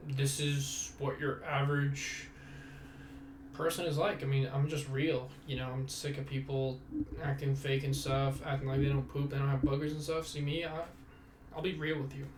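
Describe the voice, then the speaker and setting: A man's voice: medium pitch, level tone, moderate pace, background noise. A young man hosting a casual solo podcast, rambling and self-mocking, swearing freely. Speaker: podcast host.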